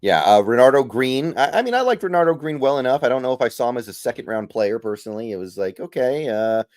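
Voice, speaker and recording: A man's voice: medium pitch, sing-song, fast, darkish tone, no echo, clean studio sound. A man hosting a casual podcast, easygoing and thinking aloud with trailing fillers as he runs through picks. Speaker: podcast host.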